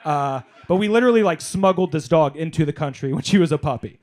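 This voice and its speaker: Animated male stand-up comic. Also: fairly high pitch, fast talker. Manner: animated storytelling, crowd work, shouted punchlines. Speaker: stand-up comedian. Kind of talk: stand-up comedy set. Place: comedy club stage, live audience.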